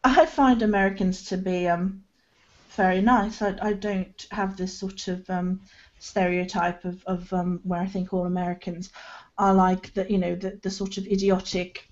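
A woman's voice: mid-range voice, flat delivery, normal speed, a little mellow, lo-fi sound. A woman, a podcast guest chatting casually and bluntly, swearing freely and laughing between phrases, heard over a video call. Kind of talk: casual chat.

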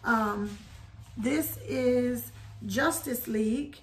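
A woman talks viewers through her shopping finds in a casual vlog. Her voice sits a little high, and she chats easily and hums theme tunes along the way. Faint clicks sit in the background. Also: takes it slowly, slight background noise. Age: adult. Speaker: haul video host.

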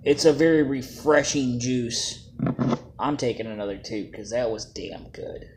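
A man's voice: medium pitch, measured pace, darkish tone, slight background noise. A man casually reviewing vape juices, joking and plain-spoken in a laid-back way.

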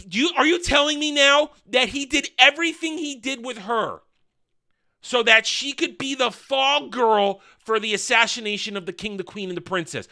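A man with a high, piercingly bright voice tears into a film in an exasperated, sarcastic rant. He talks like a reviewer who can't believe what he sat through. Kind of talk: ranting movie review commentary.

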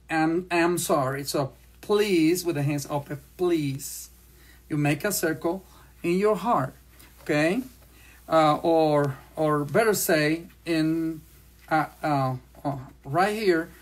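Slow-paced sign language teacher. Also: medium pitch. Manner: speaks slowly, repeats phrases while demonstrating signs. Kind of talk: slow classroom lesson.

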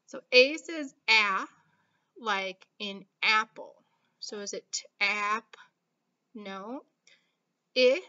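Patient female teacher, slightly high voice, for a slow-paced children's phonics video. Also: sharp tone, lo-fi sound. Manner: slow, patient, sounding out letters. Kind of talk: phonics lesson for young children.

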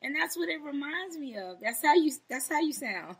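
A woman's voice: sits high, lively intonation, normal speed, rough recording. A woman hosting an interview, asking long, rambling questions with enthusiasm. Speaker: interview host. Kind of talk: casual interview.

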